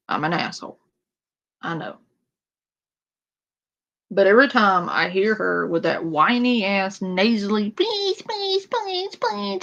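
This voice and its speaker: A woman's voice: medium pitch, a bit bright, dull audio. A woman ranting sarcastically and crudely about another streamer, in casual commentary. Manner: sarcastic, crude, mocks with a whiny imitation.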